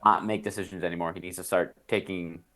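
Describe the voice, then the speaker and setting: A man talking casually as a guest about his tabletop game character, explaining fast with lots of fillers. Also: low voice, fairly even intonation, sharp tone, faint music behind.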